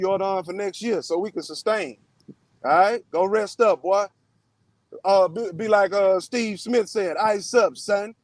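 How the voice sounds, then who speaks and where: A man's voice: sits high, no room sound. A man hosting a casual sports podcast, loose and slangy, full of "man" and "y'all".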